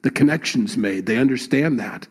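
Pastor, man, mid-pitched, chatty sermon delivery with emphatic swells. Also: moderate pace, husky. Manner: conversational preaching, rising emphatic at times.

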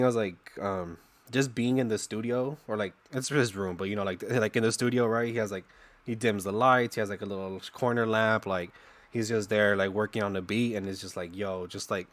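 A young man speaking through a voice changer, his voice sitting fairly low. He rambles easily in a casual interview, stacking fillers as he goes. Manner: laid-back, rambling, filler-heavy. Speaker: streamer guest.

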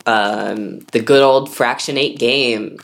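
A young woman co-hosts a casual podcast. She chats loosely and throws in quick sarcastic quips. Her tone stays informal throughout. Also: rumbling low, gravelly, a little hiss or hum. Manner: quick sarcastic quips between listening noises. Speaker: podcast co-host.

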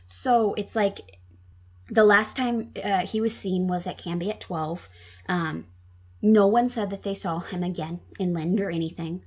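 A woman's voice: medium pitch, unhurried, slightly rough. A woman telling a true crime story in casual chat, with lots of ums and likes. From Minnesota. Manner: chatty, many ums and likes. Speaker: podcast guest telling a true crime case.

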